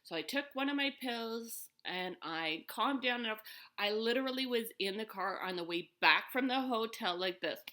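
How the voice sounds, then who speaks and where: A woman tells a personal story to her camera in a loose, chatty way. Her voice is bright and forward, and she rambles, circles back and fills the gaps with ums. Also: on the high side, lively intonation, moderate pace. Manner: chatty, rambling with many fillers and restarts. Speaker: vlogger telling a personal story. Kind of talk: casual storytelling.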